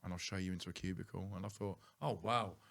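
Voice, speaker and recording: A man's voice: sits low, level tone, rapid-fire, vocal fry. A man hosting a podcast, telling a story in a chatty way, laughing and swearing casually. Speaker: podcast host.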